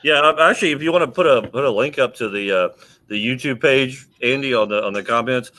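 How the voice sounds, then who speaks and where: A man hosting a casual livestream chat, talking enthusiastically with many quick restarts. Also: medium pitch, bright, forceful tone, low-quality recording. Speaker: livestream host.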